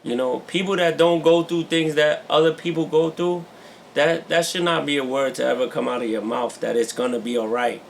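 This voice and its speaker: A man's voice: on the high side, steady tone, moderate pace, vocal fry, a little hiss or hum. A man co-hosting a podcast in casual chat, earnest and peppering his talk with "man" and "you know". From New York. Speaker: podcast co-host.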